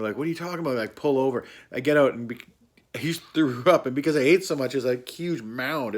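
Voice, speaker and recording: Rambling man telling a wild party story. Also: mid-range voice. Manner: rambling, laughing, swears freely. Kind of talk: casual anecdote.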